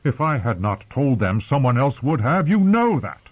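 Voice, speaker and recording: A man's voice: medium pitch, very animated, normal speed, husky, voice pushed up. A man reading aloud, voicing a big, proud exiled knight who defends himself and pleads, heard through narrow phone-like sound. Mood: insistent.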